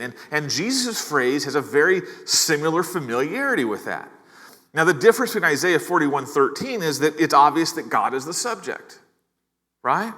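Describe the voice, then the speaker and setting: A male pastor preaches with a bright, forward tone, slipping in casual asides and repeating his key phrases. His voice sits a little high for a man. The sound rings with the long reverb of a church hall. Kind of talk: sermon.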